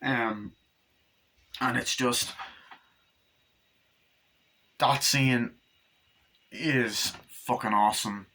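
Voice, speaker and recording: A man's voice: mid-range voice, fairly even intonation, very slow, pauses often, sharp tone, slight background noise. A man casually recapping a film scene by scene, rambling and swearing, with lots of "like" and "um". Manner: rambling, profane, full of fillers. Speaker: movie reviewer.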